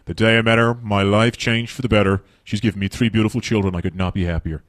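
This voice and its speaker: A man's voice: on the low side, quick pace, dry recording, pitched below the performer's own voice, natural voice. An Irish man playing an earnest, gushing man. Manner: soft, sincere, sappy.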